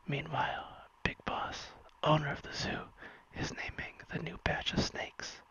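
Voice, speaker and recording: A streamer reading a silly story aloud in a soft whisper, as whispered role-play. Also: medium pitch, level tone, measured pace, hardly any pauses, husky, muffled recording. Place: virtual-world stream.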